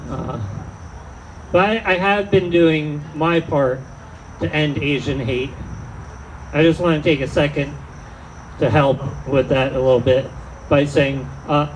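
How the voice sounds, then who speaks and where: A man's voice: fairly high pitch, a little slow, slight background noise, rough recording. A man doing a rambling, self-deprecating stand-up set in an outdoor tent, often trailing off mid-thought. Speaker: stand-up comedian.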